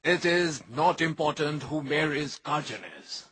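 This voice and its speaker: An actor playing a calm, sly temple elder calling for peace in a dubbed film, soothing but firm. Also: male voice, a little high, unhurried, a little hiss or hum.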